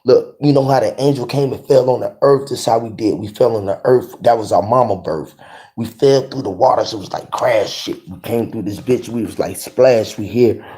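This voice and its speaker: A man's voice: medium pitch, normal speed, mellow. A man vlogging from his garage, giving a rambling, profane motivational monologue full of rhyming wordplay and repeated catchphrases. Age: adult. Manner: rambling, profane, rhyming wordplay, repeats "you feel what I'm saying". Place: home garage.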